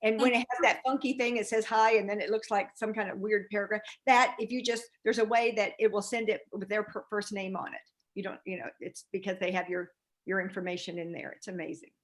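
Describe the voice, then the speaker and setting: A woman's voice: mid-range voice, fairly even intonation, fast. A woman co-hosting a casual team video call, friendly and explanatory, chiming in to help.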